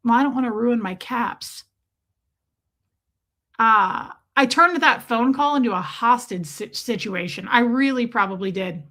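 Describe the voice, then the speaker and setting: Woman streamer, slightly high bright voice, loose self-deprecating chat with viewers. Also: a little slow. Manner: rambling, self-mocking, jokey storytelling. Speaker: live streamer. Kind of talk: casual live-stream chat.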